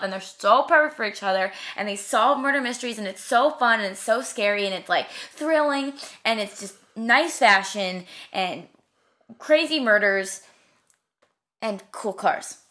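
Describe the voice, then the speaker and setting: A woman's voice: medium pitch, moderate pace, bright, forceful tone. A young woman in her twenties chatting casually as a co-host, gushing about things she loves in long rambling runs. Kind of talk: casual chat.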